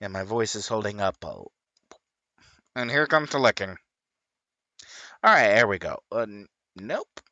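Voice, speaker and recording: A man chatting casually as he plays a game, rambling with sudden high excited whoops. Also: measured pace, pauses often, no echo, lo-fi sound. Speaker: gaming streamer. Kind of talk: casual chat while playing.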